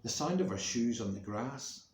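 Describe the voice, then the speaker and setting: A male music teacher, medium in pitch, slowly reads a story for schoolchildren and brings the sounds to life with expressive effects. He's recording in a home room with the window open to a main road, so slight background noise and roomy echo come through.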